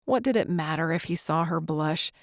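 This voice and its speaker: A woman reading a romantic comedy audiobook in gentle, even narration. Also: deep voice, normal speed, no room sound, clean studio sound. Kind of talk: scripted narration.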